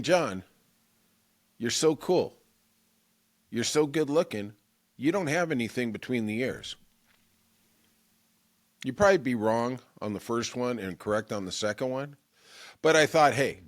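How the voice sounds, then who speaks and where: A middle-aged man hosts a political podcast, rambling through a jokey, self-mocking comic monologue. His voice is medium-pitched and a bit bright.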